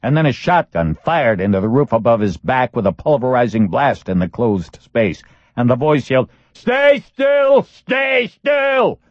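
A man reading a thriller audiobook in a steady, measured storytelling voice. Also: medium pitch, no room sound. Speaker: audiobook narrator. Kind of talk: scripted thriller narration. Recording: dull lo-fi dry recording.

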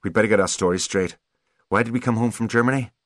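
A man's voice: fairly low pitch, fast, a bit bright, no room sound, studio quality, pitched above the performer's own voice, natural voice. A man voicing a loyal, watchful adult bodyguard in an audiobook, alert and practical. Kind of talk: audiobook character voice.

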